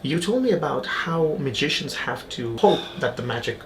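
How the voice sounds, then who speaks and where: A man hosting an interview with a magician, agreeable and quick with short affirmations, speaking in a dressing room. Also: fairly high pitch, lively intonation, a bit bright, a little hiss or hum, low-quality recording. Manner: agreeable, frequent brief affirmations, laughs easily. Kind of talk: conversational interview.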